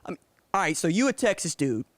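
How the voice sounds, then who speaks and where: A man's voice: high voice, sing-song, brisk, no echo. A man from Oklahoma hosting a podcast, asking direct questions in a laid-back, slangy way. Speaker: podcast host. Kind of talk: casual interview questions.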